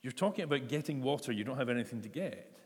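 A man's voice: medium pitch, animated, fast, big-room sound, voice pushed up, lightly acted. A man doing a cheeky Glaswegian woman. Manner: challenging, mocking questions. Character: sassy Samaritan woman at a well, full of attitude.

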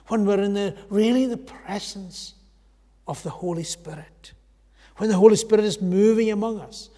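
Male preacher, slightly high voice, earnest sermon delivery, long hall reverb. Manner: earnest, swells loud then drops to a hush.

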